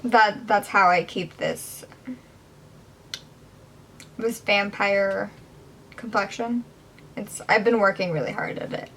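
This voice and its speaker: A woman's voice: medium pitch, slow pace, pauses often, a bit bright, slight background noise, rough recording. A young woman chatting in a casual home vlog, rambling and self-deprecating, sometimes dropping to a whisper. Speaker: vlogger. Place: indoors at home.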